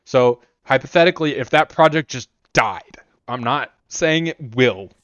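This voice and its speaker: A man's voice: mid-range voice, lively intonation, a little slow, fairly bright tone, no room sound, muffled recording. Rambling man chatting while gaming. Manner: rambling, joking, talks to chat and scolds the monster. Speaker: game streamer. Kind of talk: casual live-stream chat while playing.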